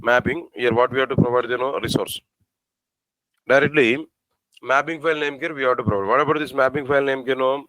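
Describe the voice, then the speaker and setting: A man teaching a programming class, asking his students rhetorical questions and spelling out code slowly. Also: medium pitch, sharp tone, no room sound, low-quality recording. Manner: asks the class rhetorical questions, repeats phrases. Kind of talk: live coding lecture.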